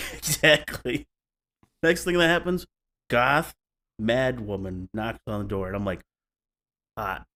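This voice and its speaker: A man's voice: medium pitch, measured pace, long pauses, sharp tone. A man hosting a podcast, retelling stories in a casual, wry way and slipping into playful mock voices. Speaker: podcast host.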